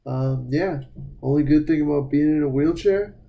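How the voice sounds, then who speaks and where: A man's voice: a little high, moderate pace, vocal fry, highs cut off. A man chatting casually to camera about sneakers, laid-back and slangy, with plenty of fillers and "you know what I mean.". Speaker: sneaker reviewer.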